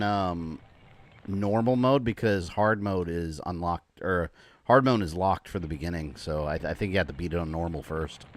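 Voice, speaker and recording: Deep-voiced man chatting over gameplay. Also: slight background noise. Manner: rambling, relaxed and chatty while playing. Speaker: livestream gamer host. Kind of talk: casual gameplay commentary.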